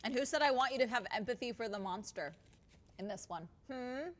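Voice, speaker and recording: A woman's voice: a little high, lively intonation, fairly quick, a bit bright. A woman chatting casually on a livestream, rambling with many fillers and restarts. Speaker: streamer.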